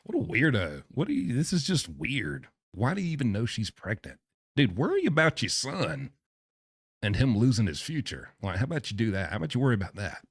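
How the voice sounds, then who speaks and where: A man's voice: on the low side, sing-song, fast talker, few pauses, breathy edge, dry recording, studio quality. A man streaming, reading messages aloud and reacting with sarcastic disbelief. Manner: incredulous, sarcastic.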